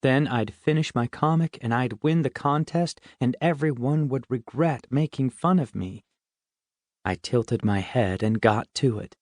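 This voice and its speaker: A man's voice: mid-range voice, measured pace, a little mellow, no room sound, clean studio sound. Man narrating a wry middle-grade audiobook. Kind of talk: first-person audiobook narration.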